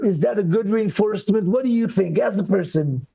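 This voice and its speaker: High-pitched man rambling on a lo-fi call. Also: normal speed, vocal fry, few pauses, husky. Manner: rambling, animated, apologetic asides. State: voice worn from yelling. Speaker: guest on a live call-in show. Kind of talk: casual debate chat. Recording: dull lo-fi call audio.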